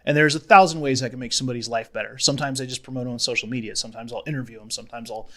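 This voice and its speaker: A man's voice: mid-range voice, steady tone, rapid-fire, fairly bright tone. Frank man, podcast guest. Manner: frank, reflective, swears casually. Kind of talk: casual interview chat.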